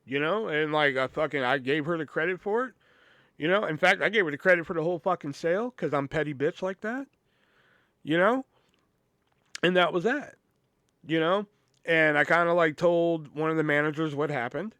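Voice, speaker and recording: A man's voice: a little high, normal speed, a bit bright, dry recording. Profane, rambling male podcast storyteller. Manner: profane, rambling, lots of "you know". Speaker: podcast host. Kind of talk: casual storytelling.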